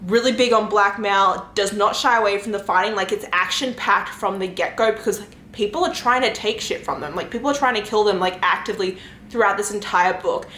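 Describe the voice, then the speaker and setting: A woman's voice: mid-range voice, a little fast, bright, forceful tone, slight background noise. A young woman chatting casually to camera at home in a reading vlog, gushing with lots of fillers. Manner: gushing, effusive, many fillers. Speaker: book vlogger.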